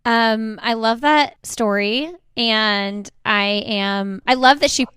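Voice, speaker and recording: A woman's voice: fairly high pitch, slow, a bit bright, smooth, no echo, clean studio sound. A woman hosting a podcast, talking earnestly about her own parenting struggles. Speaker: podcast host. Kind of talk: podcast conversation.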